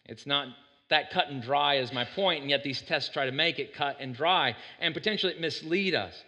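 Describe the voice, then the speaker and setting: Male pastor, chatty sermon delivery, bright and slightly high, recorded in an echoing church hall. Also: normal speed. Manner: conversational, keeps asking the room "right?"; animated, jumps in loudness when stressing points. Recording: long hall reverb.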